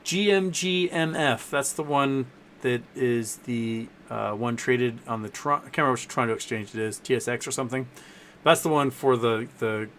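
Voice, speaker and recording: A man's voice: medium pitch, a little hiss or hum. Rambling man hosting a casual livestream. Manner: rambling, with filler sounds and self-corrections; softens his voice to talk to his dogs. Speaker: livestream host answering viewer questions. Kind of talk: casual live-stream chat.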